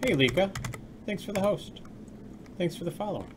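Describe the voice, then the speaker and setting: A man chatting casually on a live game-dev stream, laughing often and talking to his viewers. His voice is a touch high and swings widely in pitch. Faint hiss runs under his desk mic. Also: animated, normal speed.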